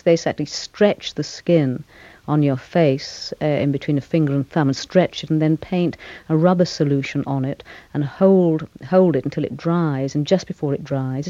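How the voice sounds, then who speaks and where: Thoughtful actress, dark muffled tone. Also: female voice, low-pitched, no room sound. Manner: thoughtful, measured, with frequent fillers and little laughs. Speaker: actress as interview guest. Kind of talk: reflective interview answers.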